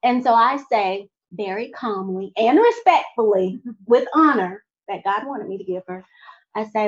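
A young adult woman telling a personal faith testimony in an animated way, talking straight to her audience. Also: mid-range voice, unhurried, highs cut off. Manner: animated, addresses audience directly. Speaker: speaker sharing a testimony.

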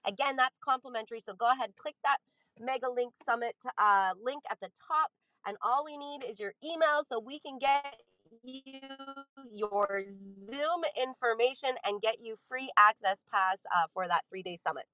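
A woman's voice: fairly high pitch, moderate pace, pushed and bright, no echo, faint music behind, rough recording. A woman hosting an online audio room, making upbeat promotional announcements and moderating. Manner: upbeat, encouraging, salesy.

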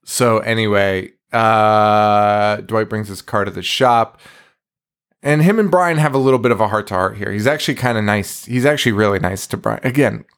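A man's voice: lowish voice, moderate pace, a bit bright, clear, resonant tone. A young man co-hosting a podcast, recapping a movie in casual chat, laughing, swearing and acting out lines. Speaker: podcast co-host.

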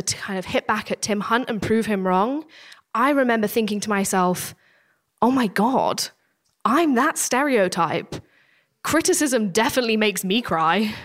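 A young woman tells her own story in a candid, self-deprecating way, with an everyday mid-range voice. She draws out the heavy moments slowly and then picks the pace back up. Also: mid-range voice, a bit bright. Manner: candid and self-deprecating, slowing down for emotional beats. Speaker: PhD student. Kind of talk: first-person storytelling.

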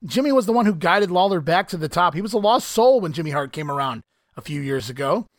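Male podcast host, lively and incredulous, dry close mic. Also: high-pitched, fast talker, dry recording. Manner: animated, laughs often, incredulous. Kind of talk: casual podcast commentary.

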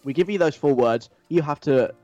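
A man's voice: a little high, normal speed, no echo, dull audio. A man chats on air as a radio host, rambling in a self-deprecating way. The booth is dry and close, with music playing faintly underneath. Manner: self-deprecating, rambling, animated when imitating chants. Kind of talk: casual radio chat.

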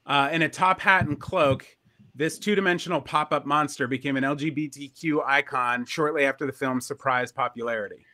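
A man's voice: mid-range voice, fairly quick, bright, forceful tone. A man hosting an online show and reading out trivia questions in a dry, matter-of-fact way. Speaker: host and quizmaster.

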